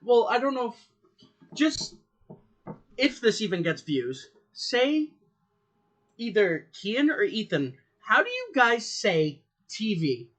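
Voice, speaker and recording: High, bright-voiced teasing guy. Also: wildly swooping pitch, slow pace, pauses often. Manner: teasing, playful. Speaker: podcast co-host. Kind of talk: casual chat.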